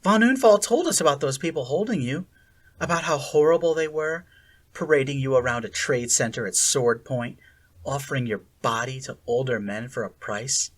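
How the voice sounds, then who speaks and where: A narrator voicing a falsely sweet American woman who holds a kidnapped girl, talking gently in a cheerful sing-song. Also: mid-range voice, normal speed, natural voice. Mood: sing-song soothing.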